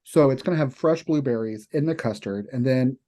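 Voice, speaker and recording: Mellow-voiced chatty man, rambling. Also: medium pitch, brisk. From Kentucky. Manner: rambling, filler-heavy storytelling. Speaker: podcast co-host and chef. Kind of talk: casual chat.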